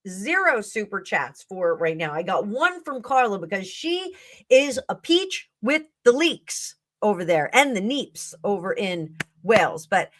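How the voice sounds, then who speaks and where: A middle-aged woman hosts a live tarot stream in a loose, rambling way. She chats with viewers, drifting between topics and correcting herself. Her voice sits at an ordinary middle pitch. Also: big pitch swings, measured pace, fairly bright tone. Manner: chatty and rambling, with frequent fillers and self-corrections. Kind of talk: casual live-stream chat and tarot reading.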